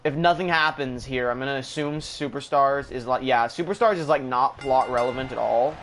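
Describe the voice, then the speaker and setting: A man's voice: mid-range voice, moderate pace, fairly bright tone, slight background noise. A man streaming a wrestling video game, commenting with profane, sarcastic remarks. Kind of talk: livestream gameplay commentary.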